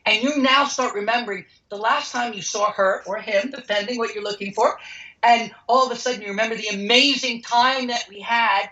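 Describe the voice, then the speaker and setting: A man's voice: very high-pitched, steady tone, a little fast, bright, forceful tone, highs cut off. A man interviewed as the founder of a healing center, talking emphatically and acting out the people in his stories. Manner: emphatic, acts out quoted dialogue. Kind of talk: animated interview storytelling.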